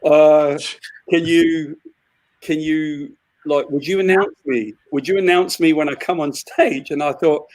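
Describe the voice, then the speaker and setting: A British man, a comic book writer, chatting casually on a video call and telling animated anecdotes with a chuckle. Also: fairly high pitch, unhurried, no room sound.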